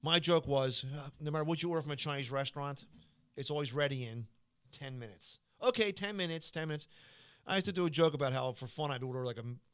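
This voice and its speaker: A man's voice: mid-range voice, fast talker, clean tone. A man who is a comedian, chatting casually on a podcast, rambling through his stories with frequent stammering restarts.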